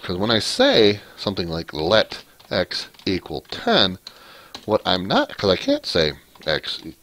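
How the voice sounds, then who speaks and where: Low-voiced man teaching code, dry close sound. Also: fairly bright tone, no room sound. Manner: rambling, self-correcting, thinks aloud while typing. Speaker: programming tutorial host. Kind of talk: casual screencast coding lesson.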